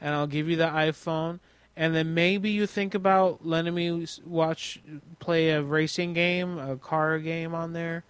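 A man voicing a naive twelve-year-old boy on a prank phone call, halting and repeating himself. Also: fairly high pitch, steady tone, clear, resonant tone, no room sound, natural voice.

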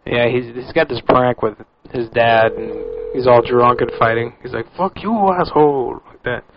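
A man's voice: mid-range voice, monotone, normal speed, muffled recording, background noise. A man co-hosting a radio show, laughing and joking in casual chat. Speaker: radio co-host.

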